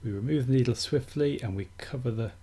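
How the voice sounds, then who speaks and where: A man calmly teaching acupuncture technique in a steady, methodical instructional demonstration. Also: medium pitch, a little fast, breathy edge. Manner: calm, steady, methodical explaining.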